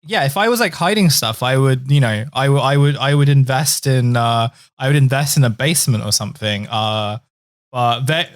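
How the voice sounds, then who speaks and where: A man's voice: mid-range voice, normal speed. A man in a podcast chat, musing hesitantly with many fillers and restarts. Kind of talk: casual chat.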